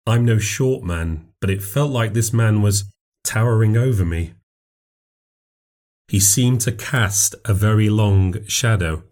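A man narrating a ghost story in a measured, steady way. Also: on the low side.

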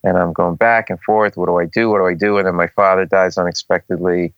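A man's voice: sits low, quick pace, clear, resonant tone, no room sound. A middle-aged man from Rhode Island, a comedian telling stories in an interview and acting out the people in them. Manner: animated, acts out voices of people in his stories. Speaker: comedian guest. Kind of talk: casual storytelling interview. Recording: dull, slightly muffled podcast audio.

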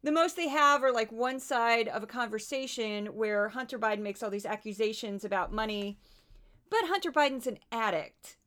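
A woman with a Midwestern American accent hosting a podcast, talking in a chatty, animated way with asides. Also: a little high, moderate pace. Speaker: podcast host. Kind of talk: casual commentary.

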